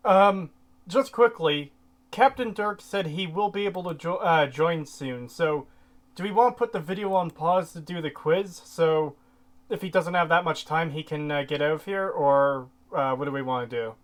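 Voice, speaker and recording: A man's voice: a little high, normal speed. A man co-hosting a casual podcast chat, talking hesitantly with many fillers. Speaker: podcast co-host.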